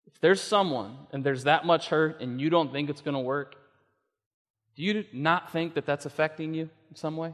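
A man's voice: fairly high pitch, normal speed, fairly bright tone. Man preaching a sermon in a reverberant hall. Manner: acts out quoted voices, builds to emphatic peaks. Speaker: pastor.

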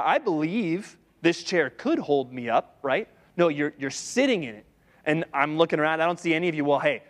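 A man preaching a sermon to a seated congregation, talking conversationally, asking rhetorical questions and acting out quick voices. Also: a little high. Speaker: pastor.

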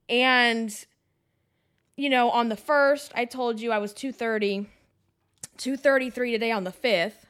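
A woman's voice: on the high side, measured pace, fairly bright tone. A woman in her thirties hosting a podcast, venting frankly and with profanity straight to her listeners. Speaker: podcast host. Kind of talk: venting solo podcast talk.

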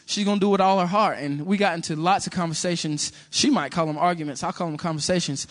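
A man preaching a sermon and telling a personal story, acting out the dialogue as he goes. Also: high-pitched. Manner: animated storytelling, acts out dialogue.

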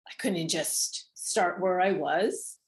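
A woman's voice: fairly low pitch, slow pace. A woman guest in an interview, talking thoughtfully about her work as an actor. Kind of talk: conversational interview.

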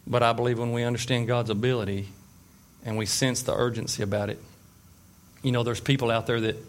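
Male preacher, relaxed storytelling sermon, asks the room questions. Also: medium pitch, brisk. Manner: conversational storytelling with fillers and asides; checks in with the listeners. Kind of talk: informal sermon.

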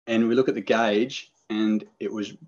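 An Australian man tells his story in a relaxed, rambling way, full of fillers and restarts. His voice sits low and a touch husky. The recording is dull and lo-fi. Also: moderate pace. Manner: rambling, laid-back, many fillers and restarts. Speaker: podcast guest, hunter. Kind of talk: casual storytelling.

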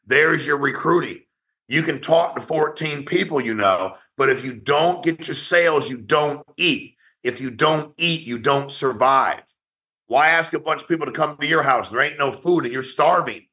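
A man who founded a company, giving a blunt, profane motivational talk to his sales agents in an online meeting, rapid-fire and challenging. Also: a little high, sharp tone.

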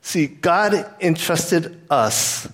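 An earnest man preaches a sermon in a slightly raised voice. His delivery is conversational and relaxed, and he drifts easily into telling a personal story before returning to his point. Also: a little high, drawn-out words. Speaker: pastor.

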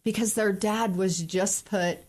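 A woman's voice: mid-range voice, fairly even intonation, measured pace, darkish tone. A woman as a podcast guest, recounting a story in an earnest, reflective way. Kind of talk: casual conversation.

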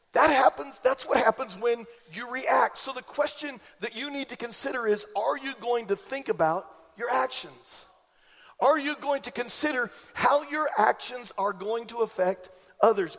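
Middle-aged male pastor, high voice, story-driven sermon delivery, repeats key lines, long church-hall reverb. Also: moderate pace, gravelly, fairly bright tone.

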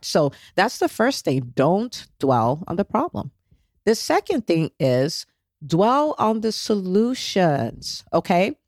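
A woman's voice: low voice, darkish tone, dry recording, studio quality. A woman hosting a motivational solo podcast, coaching listeners directly and checking in with frequent "okay?"s, with an encouraging, faith-based tone. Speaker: podcast host.

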